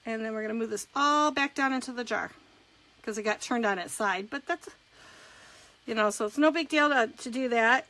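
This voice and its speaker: On a rough recording, a woman's high voice comes across pushed and bright. She works through a live crafting demonstration step by step, chatting and welcoming viewers, in her role as craft demonstrator and direct sales consultant.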